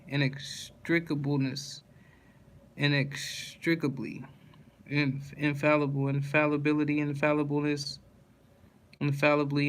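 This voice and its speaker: A man's voice: fairly high pitch, a little hiss or hum. A man steadily reading dictionary words aloud as a list in a level, unvaried delivery, stumbling and restarting on some words. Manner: flat monotone list reading with slips and restarts. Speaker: channel host reading dictionary entries.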